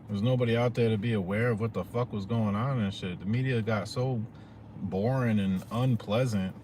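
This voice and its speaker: A man's voice: fairly low pitch, fairly even intonation, moderate pace, a little mellow, slight background noise. A man talking to his viewers in a loose, slangy, profane rant, often asking "you know what I'm saying". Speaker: vlogger.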